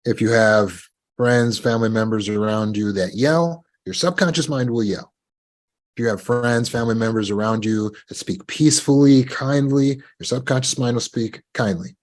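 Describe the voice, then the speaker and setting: A man giving a measured motivational talk on recovery, often asking the listener rhetorical questions. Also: on the low side. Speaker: self-help speaker.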